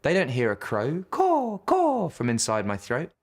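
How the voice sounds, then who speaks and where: A man reading a children's bedtime story aloud in a gentle, unhurried way. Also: mid-range voice, expressive.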